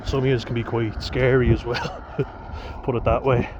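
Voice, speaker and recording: A man's voice: mid-range voice, moderate pace. An Irish man talking in a rambling, casual monologue, swearing freely and going off on chatty asides. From Ireland. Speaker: vlogger. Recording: dull lo-fi audio with steady noise.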